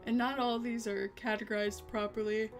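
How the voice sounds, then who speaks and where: A woman's voice: on the high side, level tone, normal speed, soft background music. A tired woman streaming casually, rambling to herself and her chat with little laughs. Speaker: vtuber streamer.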